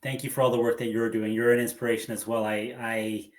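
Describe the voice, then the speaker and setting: A man's voice: mid-range voice, little pitch movement, brisk. A man being interviewed as a podcast guest, talking earnestly and hopefully, often repeating words. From United States. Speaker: guest, epidemiologist. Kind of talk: casual interview chat. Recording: roomy echo.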